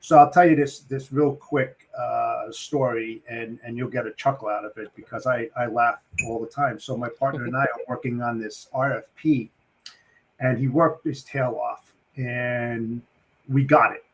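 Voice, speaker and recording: Man telling a lively story. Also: mid-range voice, moderate pace, poor audio. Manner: lively storyteller who acts out phone calls. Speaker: co-host. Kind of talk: casual morning show storytelling.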